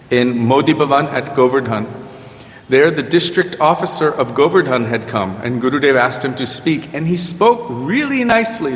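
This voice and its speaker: A man teaching a group at a devotional gathering, telling stories and quoting his guru with emphatic rises. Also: mid-range voice. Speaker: spiritual teacher. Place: Vrindavan. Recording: livestream with long hall reverb.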